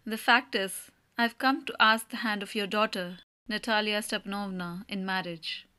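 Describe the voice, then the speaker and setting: A woman's voice: medium pitch, steady tone, moderate pace, pushed and bright, smooth, close to an everyday voice. A woman reading the part of a nervous male landowner who stumbles over his words while proposing.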